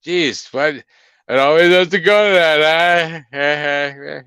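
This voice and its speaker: A man's voice: fairly high pitch, slow, sharp tone, smooth, no echo. A man in his forties co-hosting a casual podcast, joking and teasing his co-host. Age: 40s. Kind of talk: casual chat.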